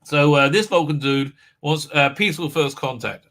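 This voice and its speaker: A man's voice: on the high side, normal speed, a bit bright. A man hosting a live stream, recapping a show in a sarcastic, mocking way with frequent laughs.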